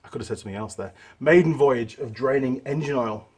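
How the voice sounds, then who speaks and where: A middle-aged mechanic hosts a repair tutorial in his home workshop, talking quickly in a mid-range voice that's a little mellow with a breathy edge. He's chatty and self-deprecating, wandering off on stories as he works.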